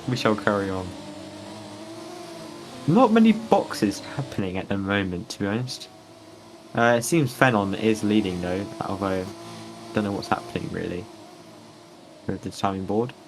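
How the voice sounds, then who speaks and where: A man's voice: fairly low pitch, lively intonation, a little slow, long pauses, a little hiss or hum, rough recording. A man, commentating a sim racing stream in a casual, joking manner. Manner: joking, playful, chatty with chat.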